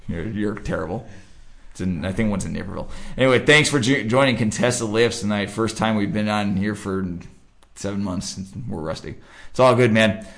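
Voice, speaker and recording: A man with a low, gravelly voice hosts a casual sports podcast. He keeps it loose and joking as he steers the talk between friends. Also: a little fast. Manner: loose, joking, wraps up the show. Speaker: podcast host.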